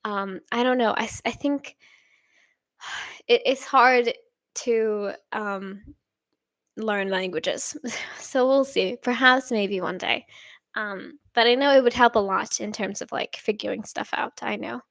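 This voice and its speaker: A woman's voice: on the high side, takes it slowly, vocal fry, fairly bright tone, no echo. Upbeat young Swedish woman chatting. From Sweden. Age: 20s. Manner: chatty, upbeat and rambling, laughs often. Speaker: channel host. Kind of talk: casual chat reading viewer comments.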